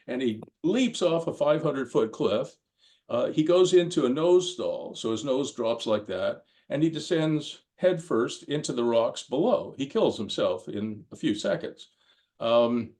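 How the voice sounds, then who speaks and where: An older man lecturing a class in a loose, conversational style. He rambles through anecdotes with frequent ums and restarts. His pitch sits in an ordinary middle range for a man. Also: a little mellow. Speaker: course lecturer.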